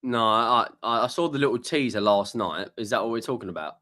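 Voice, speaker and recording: Sex: man. Role: co-host. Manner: relaxed, joking. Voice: bright. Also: mid-range voice, fairly quick. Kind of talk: casual chat.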